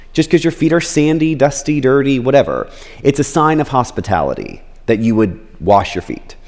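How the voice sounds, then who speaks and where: A man preaching a sermon as a pastor, talking casually and often checking in with "right?", and he jumps in pitch when acting out quotes. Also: a little mellow. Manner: conversational, keeps asking "right?". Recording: long reverb of a large hall.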